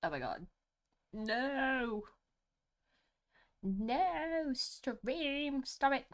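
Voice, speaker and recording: A woman's voice: high-pitched, extremely slow. Gushing young woman streamer. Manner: gushing, excitable, swears freely. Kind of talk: gaming livestream commentary. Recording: faint game music behind.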